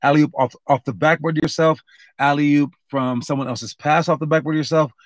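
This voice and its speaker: A man's voice: fairly high pitch, fairly even intonation, a little fast, dry recording, studio quality. Rambling upbeat male basketball coach. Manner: rambling, upbeat, many fillers and restarts. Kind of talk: casual instructional talk.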